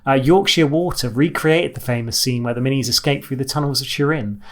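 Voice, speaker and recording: Man, medium pitch, relaxed podcast co-host, trivia-sharing tone. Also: a little fast. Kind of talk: casual chat.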